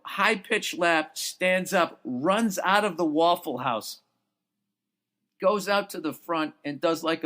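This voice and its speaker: An American man with a fairly high, bright voice hosts his podcast, speaking into a podcast mic at a laptop. Tired and worn out, he rambles through a long, profane story in a casual monologue, sounding exasperated.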